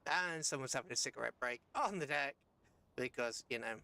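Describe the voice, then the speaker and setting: A tired man casually commenting as he plays a submarine game live, rambling and correcting himself with playful jumps in pitch. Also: brisk, sharp tone, dry recording. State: tired after a long rough day. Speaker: streamer playing a submarine game.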